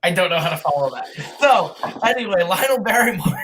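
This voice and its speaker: A podcast co-host recapping an old film in a rambling, profane, excitable way, sometimes doing quick mock voices. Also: mid-range voice, a little hiss or hum. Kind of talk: casual comedic chat.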